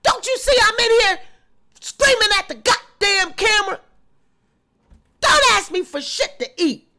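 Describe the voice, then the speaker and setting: A woman voicing a panicked, furious female blogger who yells and swears. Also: extremely high pitch, sing-song, measured pace, voice pushed up, exaggerated voice. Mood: ranting. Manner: yelling, profane rants.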